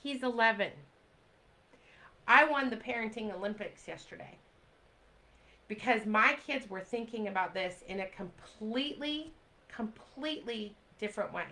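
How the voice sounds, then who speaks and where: A woman's voice: a little high, animated, normal speed, pauses often, bright, forceful tone, rough recording. A woman in her forties talking straight to her viewers in an urgent, pleading way, repeating phrases for emphasis and answering live comments as she goes. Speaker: livestream host. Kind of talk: impassioned direct-to-camera talk.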